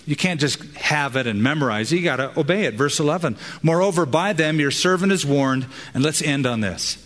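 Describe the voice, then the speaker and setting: Male pastor, emphatic preacher with pauses, church hall reverb. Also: fairly high pitch, animated, a bit bright. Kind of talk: sermon. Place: church auditorium.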